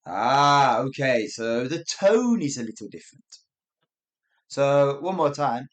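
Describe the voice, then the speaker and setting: A man hosts a podcast lesson on English. His voice rises and falls with expressive pitch as he acts out the example phrases and chuckles between points. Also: slow. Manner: lively, demonstrates tones with acted examples, chuckles often.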